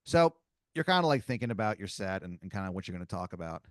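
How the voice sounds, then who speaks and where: A man's voice: low voice, sing-song, fast talker, no room sound, clean studio sound. A man hosting a comedy podcast who improvises a second-person story, rambling through many fillers. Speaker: podcast host telling an improvised scenario.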